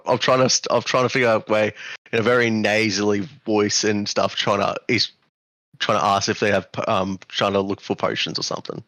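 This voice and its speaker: A man's voice: on the low side, vocal fry, fairly bright tone, no room sound. A man playing a tabletop game, casually explaining what his character does, with laughs. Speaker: player. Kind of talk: casual tabletop play chat.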